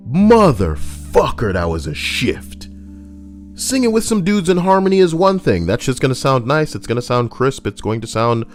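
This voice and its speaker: A young man doing casual, profane commentary that rambles and swings between loud rants and low mutters. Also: very animated, moderate pace, faint music behind. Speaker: YouTube commentator.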